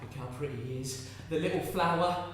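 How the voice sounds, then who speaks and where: A man's voice: a little high, a little fast, a little hiss or hum, close to an everyday voice. A man performing a distraught young peasant mother clinging to her baby, in a tender, cooing and fervent stage monologue. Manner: tender, cooing and fervent, bursting into shouted curses. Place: large theatre hall. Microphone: distant stage mic. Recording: echoey hall from far off.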